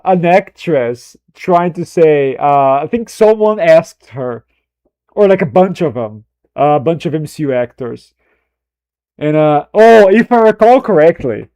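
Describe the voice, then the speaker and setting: A male streamer talks casually to his chat while editing footage, drifting from thought to thought and poking fun at himself. His voice sits a little high. The sound is close and dry, with no room echo. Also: warm tone. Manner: rambling, self-deprecating, often laughing.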